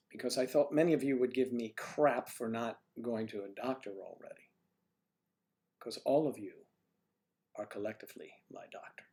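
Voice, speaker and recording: On a livestream, a coughing man with a low, darkish voice chats casually and answers viewers. He's the host, rambling and joking with the chat. He keeps adjusting the microphone on its stand.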